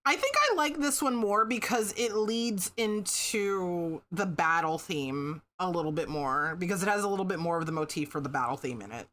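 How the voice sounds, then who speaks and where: A woman's voice: lowish voice, lively intonation, moderate pace, hardly any pauses, a bit bright. A woman streamer chatting casually with her viewers, swearing freely and breaking into laughter. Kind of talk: casual live-stream chat.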